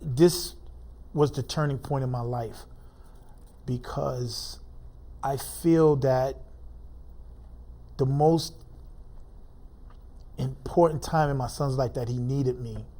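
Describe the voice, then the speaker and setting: A man as an interview guest, telling a painful personal story in halting, informal speech full of fillers. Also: medium pitch, warm tone.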